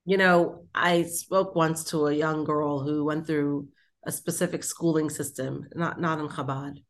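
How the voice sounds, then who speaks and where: A woman's voice: deep voice, steady tone, unhurried. A woman hosting a casual conversation, telling stories and affirming her guest with enthusiasm.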